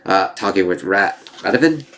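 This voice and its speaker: A man giving a casual spoken review of a TV series, rambling and excitable, swearing freely as he goes. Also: lowish voice, normal speed, a little hiss or hum. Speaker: TV show reviewer.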